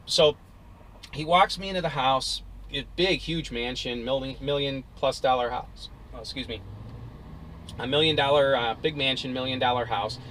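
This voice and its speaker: A middle-aged man, an appliance repair technician, casually telling stories in an animated way with many fillers, recorded in a car. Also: medium pitch, slight background noise, poor audio. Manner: animated, lots of fillers and restarts. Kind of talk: casual storytelling.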